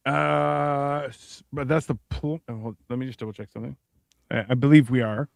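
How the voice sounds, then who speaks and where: A man's voice: medium pitch, fairly even intonation, normal speed, gravelly, dry recording. A man co-hosting a podcast in crude casual banter, rambling with fillers and acting out quotes, recorded close in a studio. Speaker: co-host.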